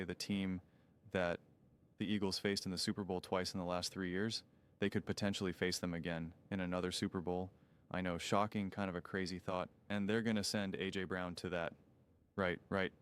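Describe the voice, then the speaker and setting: A man with a low, smooth, resonant voice, ranting in sports talk. He sounds incredulous and sarcastic and leans hard on repeated points. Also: flat delivery, moderate pace. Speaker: sports commentator. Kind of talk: opinionated sports talk rant.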